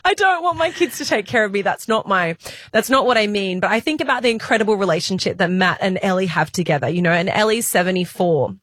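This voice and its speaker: A woman around forty hosts a casual podcast chat in a reflective, emotional tone. Her middle-pitched voice is recorded close and dry with no room sound. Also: expressive, quick pace, dry recording. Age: 40s. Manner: warm-hearted, tearful, reflective.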